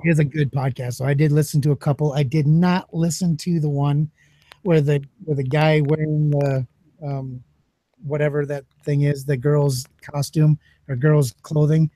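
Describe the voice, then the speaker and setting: A man's voice: a little high, little pitch movement, moderate pace, mellow, no room sound. A man on a livestream podcast, chatting casually and cracking crude jokes. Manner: crude, wisecracking.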